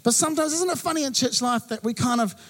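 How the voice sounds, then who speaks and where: Male pastor in his thirties from New Zealand, high voice, animated sermon storytelling. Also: fast. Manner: animated storytelling with acted-out quotes.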